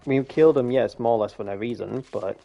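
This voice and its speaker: A young man, a game streamer, rambles casually over gameplay on a gaming headset mic, chatty, laughing often and swearing. His mid-range voice is a little fast and warm, with vocal fry, and the recording sounds muffled.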